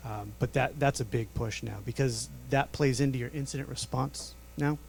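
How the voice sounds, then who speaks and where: A man's voice: medium pitch, normal speed, creaky, darkish tone, a little hiss or hum. A man on a conference panel, speaking candidly in a conversational way. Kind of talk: panel discussion. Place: conference stage.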